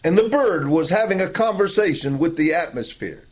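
A man preaching a sermon in a church, earnest and deliberate, telling stories to make his point, on a dull lo-fi recording. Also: a little high, animated, breathy edge.

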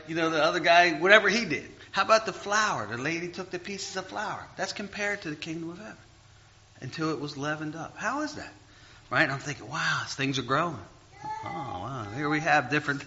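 A man's voice: mid-range voice, bright, forceful tone, lo-fi sound, slight background noise. A man preaching a sermon, telling a personal story and asking the congregation rhetorical questions.

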